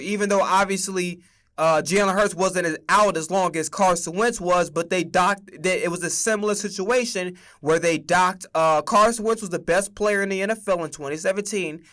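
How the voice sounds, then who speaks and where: A man's voice: high voice, moderate pace, fairly bright tone. A young man streaming a casual sports rant, emphatic and profane as he argues his takes.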